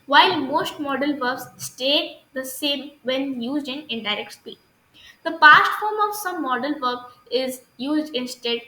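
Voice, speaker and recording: A woman's voice: high voice, a little slow, sharp tone, roomy sound, poor audio. A woman with an Indian English accent teaching an English grammar lesson, hesitant, with many fillers and restarts, checking if students understood.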